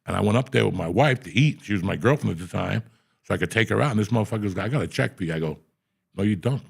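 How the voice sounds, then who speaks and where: A middle-aged man telling profane, animated stories on a podcast. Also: lowish voice, rapid-fire, gravelly, slightly rough. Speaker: podcast host. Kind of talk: casual storytelling.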